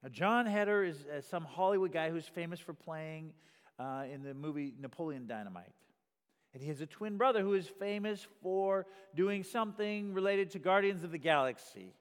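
A man's voice: fairly high pitch, animated, moderate pace, clean tone, big-room sound. A man preaching a sermon in an earnest way, often repeating a word as he starts a sentence and pushing his voice up for emphasis. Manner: earnest, repeats words when starting, rises in volume for emphasis.

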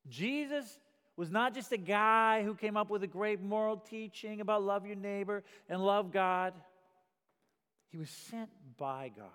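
A man preaching a sermon, earnest and plain-spoken, with a slightly high voice. He stumbles over the first word of a sentence now and then and gets louder to stress a point. His voice rings out with a long hall echo behind it. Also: expressive, unhurried, clean tone. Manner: earnest, repeats words when starting, rises in volume for emphasis.

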